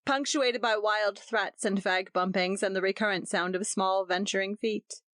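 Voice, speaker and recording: Female audiobook narrator, measured and even, dry booth. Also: medium pitch, dry recording. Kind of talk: scripted narration.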